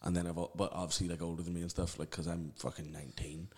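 Fast-talking young man. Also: deep voice, level tone. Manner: rambling storyteller, swears freely, acts out quotes loudly. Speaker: podcast guest. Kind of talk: casual chat.

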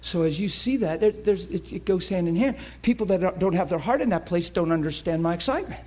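A man preaching a sermon, telling a story with animated energy that swings from hushed to shouting. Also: high-pitched, fast talker. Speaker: pastor.

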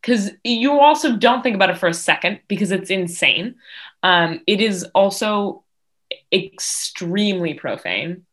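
A woman's voice: medium pitch, animated, a little slow, a bit bright. A young woman as a podcast guest, chatting casually and enthusiastically with many fillers. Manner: enthusiastic, laughing, filler-heavy. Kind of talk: casual chat.

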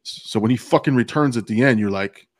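A man's voice: mid-range voice, fast talker, no room sound, clean studio sound. A man co-hosting a podcast, chatting casually about a movie, often restarting his sentences and swearing. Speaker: podcast co-host.

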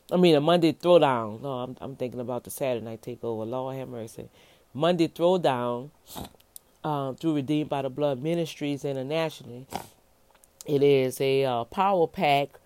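A woman's voice: sits low, no echo. A woman in her fifties giving an informal devotional teaching as a minister, emphatic and folksy, repeating words for stress. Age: 50s.

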